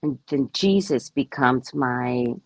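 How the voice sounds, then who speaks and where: A woman's voice: extremely low pitch, slow pace, no echo. A woman psychic reader talking casually to her viewers, emphatic and self-assured. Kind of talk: casual spiritual talk to viewers.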